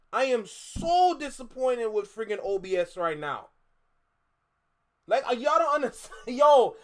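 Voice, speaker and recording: A man with a very high voice rants to his live-stream audience in an unhurried, drawn-out way. He sounds fed up and exasperated, repeating the same complaints again and again, and his frustration keeps breaking into laughter. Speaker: live-stream reaction host. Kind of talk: casual live-stream rant.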